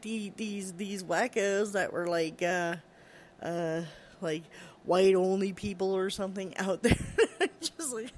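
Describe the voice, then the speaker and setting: A show host giving a casual opinion rant, laughing often and using many fillers, with short mocking put-on voices. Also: medium pitch.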